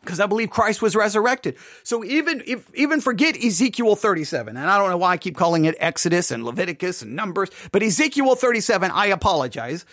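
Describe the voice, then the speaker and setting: A man's voice: high-pitched, big pitch swings, brisk, fairly bright tone, no echo, studio quality. A man giving an earnest late night devotional talk as a pastor, repeating and correcting himself as he goes. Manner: earnest, repetitive, self-correcting.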